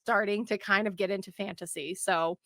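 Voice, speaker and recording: A woman co-hosting a podcast, chatting in an animated, teasing and playfully exasperated way. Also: mid-range voice, brisk, dry recording, clean studio sound. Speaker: podcast co-host. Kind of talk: casual chat.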